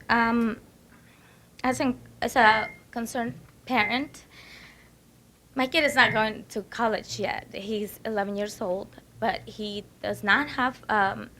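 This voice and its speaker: A woman's voice: a little high, unhurried, fairly bright tone, a little hiss or hum. A woman speaking as a concerned parent at a public comment, hesitant and full of fillers. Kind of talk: public comment at a board meeting.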